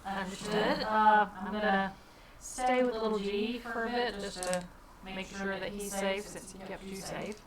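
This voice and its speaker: A woman's voice: mid-range voice, steady tone, a little slow. A woman playing a tabletop game, chatting in a matter-of-fact, easygoing way. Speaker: player. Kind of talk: casual chat at a tabletop game. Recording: echoey room, far from mic, crowd chatter behind.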